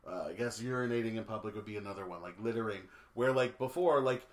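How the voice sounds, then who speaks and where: A man's voice: lowish voice, fast. A man co-hosting a podcast, chatting loosely and rambling, laughing easily after a few drinks. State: had drinks before recording. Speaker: podcast co-host. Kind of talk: casual chat.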